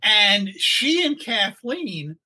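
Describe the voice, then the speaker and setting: An older man telling a lively anecdote in casual chat, laughing and acting out quotes as he goes. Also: sits high, extremely slow, breathy edge, poor audio. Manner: animated, laughing storyteller who acts out quotes. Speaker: storyteller guest.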